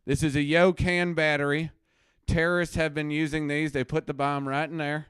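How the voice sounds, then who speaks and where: A man putting on a bombastic, self-righteous anti-drug crusader doctor who lectures his audience like a street-corner preacher. The voice sits a little high and sounds smooth and clean, lurching from grumbling asides to loud outbursts. It is recorded close in a dead-dry basement room. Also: level tone, moderate pace, no room sound, lightly acted. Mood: ranting. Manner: ranting, preachy, swings between mutters and loud outbursts. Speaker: host. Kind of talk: satirical live-stream rant. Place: home basement.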